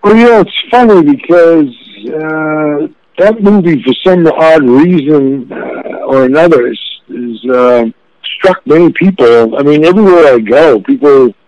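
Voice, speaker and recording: Lively man telling stories over a dull line. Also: a little high, a little slow, no room sound. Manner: animated storyteller, laughs often. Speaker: actor guest. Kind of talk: casual storytelling.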